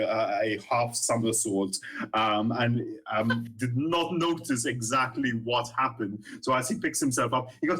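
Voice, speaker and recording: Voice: mid-range voice, fairly bright tone. A game master narrating a tabletop role-play session, rambling with frequent ums.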